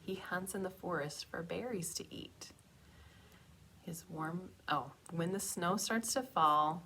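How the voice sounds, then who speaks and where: A young woman librarian reads a rhyming picture book to children at an unhurried pace. Her voice sits on the low side, and she keeps it lively and playful, turning to the kids with little questions. Faint room hum sits under her voice. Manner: slow, animated read-aloud with asides to kids. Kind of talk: children's storytime reading.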